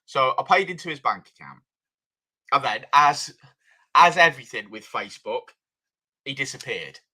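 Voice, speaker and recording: A middle-aged man tells a story casually, with a pitch that rises and falls a lot. His voice has a bright, forward edge, and he acts out both sides of each conversation. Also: expressive, moderate pace, breathy edge. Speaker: tuning shop owner.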